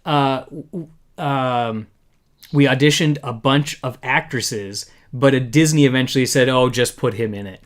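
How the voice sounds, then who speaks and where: A man hosts a casual live discussion at a middle pitch. He talks in a loose, chatty way, stopping and restarting often. He reads quotes aloud between his own comments. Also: unhurried. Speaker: podcast host.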